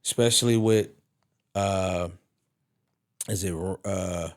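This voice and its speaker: A man on a wrestling podcast panel, chatting casually and telling animated stories, swearing freely as he goes. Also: deep voice, takes it slowly. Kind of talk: casual chat.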